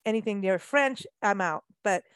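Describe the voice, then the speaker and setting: A woman hosting a radio show, talking in a chatty, animated way with lots of fillers. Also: medium pitch, normal speed, smooth, no room sound. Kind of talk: casual radio interview chat.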